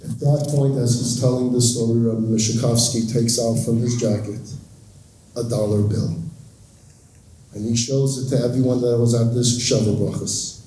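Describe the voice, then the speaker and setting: A man with a warm, mellow voice tells a gripping story to an audience, slowing and pausing to let key moments land. He sounds set back from the microphone in a large hall, with heavy reverb trailing every phrase. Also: medium pitch, little pitch movement, slight background noise. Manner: measured, with pauses and slowed phrases for emphasis. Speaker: event speaker. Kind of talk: dramatic first-person storytelling. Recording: very echoey hall, distant mic.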